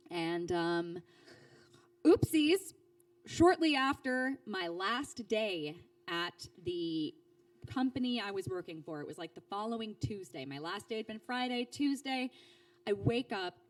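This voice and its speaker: Animated chatty woman voice actor. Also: measured pace, recorded from a distance. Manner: animated, acts out quoted speech with big pitch jumps; chatty with frequent fillers and restarts. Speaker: voice actor guest. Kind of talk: casual storytelling interview.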